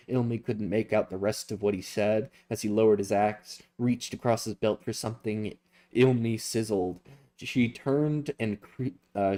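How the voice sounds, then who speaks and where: Low mellow-voiced man reading aloud. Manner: reads with frequent slips and self-corrections. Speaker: reader. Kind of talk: live book reading.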